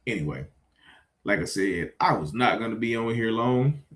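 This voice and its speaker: A man ranting casually to his viewers, exasperated and swearing, swinging between loud outbursts and low muttering. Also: expressive, moderate pace, slight background noise. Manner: conversational, addresses viewers directly. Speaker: vlogger. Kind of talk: casual rant to camera.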